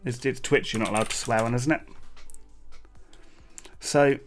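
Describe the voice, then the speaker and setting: A man's voice: mid-range voice, normal speed, music in the background. A man from Britain hosting a live coding stream, thinking aloud with plenty of fillers and asides to his chat. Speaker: livestream coding host. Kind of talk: casual live coding commentary. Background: keyboard typing.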